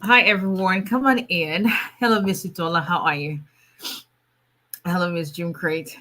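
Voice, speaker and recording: A woman's voice: fairly low pitch, steady tone, moderate pace, sharp tone. A tired woman, an immigration lawyer chatting casually on a livestream, greeting viewers by name and laughing often.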